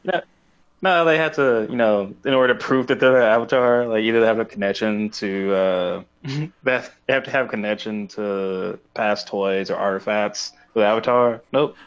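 A man's voice: fairly low pitch, normal speed, lo-fi sound. A man chatting casually as a podcast co-host, often searching for words and laughing. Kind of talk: casual chat.

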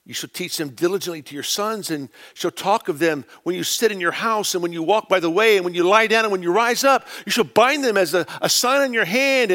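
A male preacher delivering a sermon, stressing key words loudly and then dropping into quieter, lower phrases. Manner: emphatic, swings between loud stresses and quiet low phrases.

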